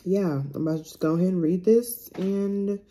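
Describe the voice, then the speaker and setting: Here a young Chicago-area American woman talks to camera in a laid-back home vlog, her voice fairly low, warm, and edged with breathiness at a normal speed. Chatty by nature, she repeats herself and keeps calling her audience "y'all."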